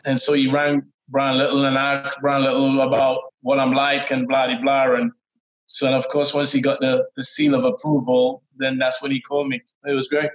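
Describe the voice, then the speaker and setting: A man's voice: medium pitch, completely flat delivery, moderate pace. Laid-back Trinidadian man over a dull line. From Trinidad and Tobago. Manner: laid-back, laughs while telling stories. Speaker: guest, former footballer. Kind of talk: casual interview storytelling. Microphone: remote call audio. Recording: dull lo-fi call audio.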